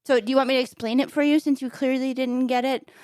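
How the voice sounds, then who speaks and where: A woman co-hosting a comedy podcast who tells crude jokes with deadpan delivery and playful banter. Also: high voice, quick pace, smooth, no echo, studio quality. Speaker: podcast co-host telling jokes.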